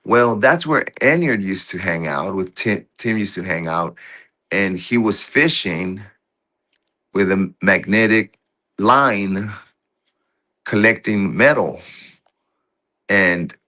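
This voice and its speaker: A man telling a story as a guest in casual conversation, halting and restarting often, with rough, profane speech. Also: low-pitched, lively intonation, bright, forceful tone.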